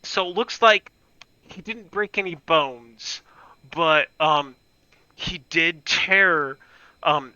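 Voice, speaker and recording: A man's voice: a little high, sharp tone, clear, resonant tone, no echo, lo-fi sound. A man putting on a female doctor who reassures him in a hesitant, dismissive way.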